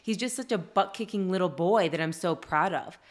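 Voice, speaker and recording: A woman's voice: fairly low pitch, brisk. A middle-aged woman in casual podcast chat, telling heartfelt family stories in an earnest way. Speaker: podcast co-host.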